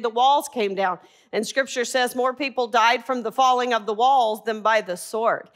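A woman's voice: a little high, bright, forceful tone. A woman teaching a Bible class, asking the group questions and answering them herself.

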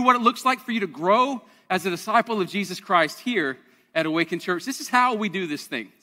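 A man's voice: sits high, sharp tone, in a large hall. A man, preaching a conversational, self-deprecating sermon to his congregation in a church. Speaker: pastor. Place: church sanctuary.

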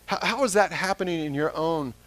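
A man's voice: fairly high pitch, a little fast, a bit bright, dry recording. A man preaching a sermon as pastor, asking the congregation question after question. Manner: asks the congregation repeated questions.

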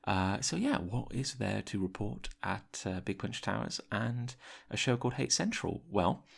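A podcast host talks in a hushed, raspy whisper, as if trying not to wake anyone. His low, gravelly voice rambles along with plenty of ums and uhs. It is a casual whispered interlude. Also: expressive, a little slow. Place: editing suite, early morning.

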